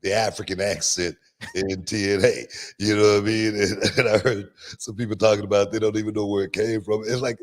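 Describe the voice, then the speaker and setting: A man's voice: on the low side, level tone, a little fast. A man hosting a podcast, chatting casually, laughing often and repeating words as he tells stories. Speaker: podcast host. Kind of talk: casual chat.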